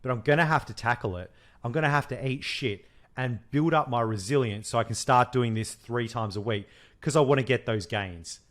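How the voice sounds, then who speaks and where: A man's voice: mid-range voice, fairly quick, fairly bright tone. A young man holds forth on a casual podcast in an ordinary mid-range voice. He is blunt and swears freely. He tells stories with animation and ribs his co-host. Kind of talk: casual chat.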